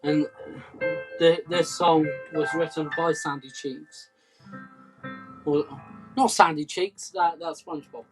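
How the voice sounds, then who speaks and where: A man from southwest England doing rambling comic patter between songs, hesitant and deadpan, full of ums and restarts. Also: on the high side, slow pace, long pauses, music in the background. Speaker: comedy musician hosting a live stream.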